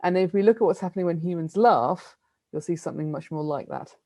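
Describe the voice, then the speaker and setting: A middle-aged British woman giving an academic plenary talk over a video call, chatty and lively, with small self-deprecating laughs. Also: on the low side, quick pace, no echo. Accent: British English. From United Kingdom. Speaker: lecturer. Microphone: computer mic on a video call.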